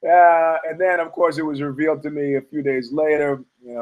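A man's voice: on the high side, steady tone, fairly quick, few pauses, poor audio. A man hosting a talk show, rambling through a profane story full of restarts and asides. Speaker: host.

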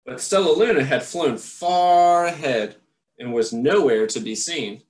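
A man reading a children's picture book aloud with expressive asides to his listeners. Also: a little high, a little slow, reverberant. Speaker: storytime reader.

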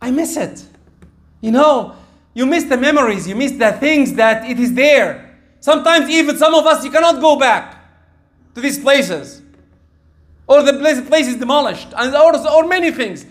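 High-voiced man preaching an animated sermon. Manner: animated, shifts between quiet asides and raised exclamations; recites Quranic Arabic in a fast chant. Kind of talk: English sermon with Arabic verses.

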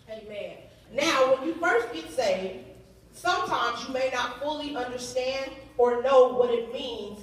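A woman preaching a sermon, leading the congregation in call and response with lively humor. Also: high voice. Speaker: youth day speaker. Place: church sanctuary. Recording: echoey hall, voice from far off.

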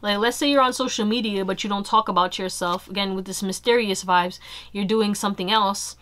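A young woman giving a casual pick-a-card tarot reading, chatty and animated, full of fillers and asides to her viewers. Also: medium pitch, brisk. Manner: chatty, animated, fillers like "you know" and "y'all". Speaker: tarot reader.

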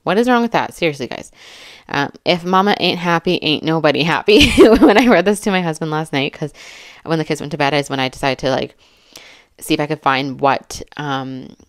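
A woman in her thirties giving a chatty reaction commentary, reading quotes aloud with animated asides and laughs. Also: low voice, fairly quick, no echo, clean studio sound. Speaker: commentary YouTuber and mother.

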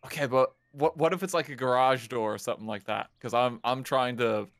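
A man's voice: medium pitch, steady tone, fairly quick, fairly bright tone, no room sound. A man competing in a game contest, politely and somewhat hurriedly asking the host for help over a voice call. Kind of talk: casual chat on a voice call.

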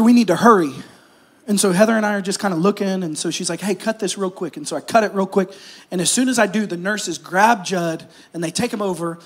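A man preaching a sermon, telling a story with emotion and swinging between loud stretches and hushed whispers. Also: sits high. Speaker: pastor.

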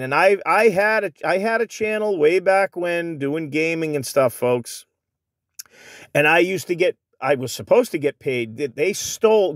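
A man with a fairly high voice hosts a casual vlog from the Phoenix area, reading viewer comments and ranting in a rambling way with frequent restarts. He calls his viewers "folks," and the studio-quality recording has no room sound.

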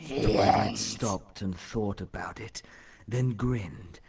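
A man's voice: lowish voice, takes it slowly, noisy background. A teenage boy making dry, swearing jokes while reading a fan story with friends. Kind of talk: casual group read-through.

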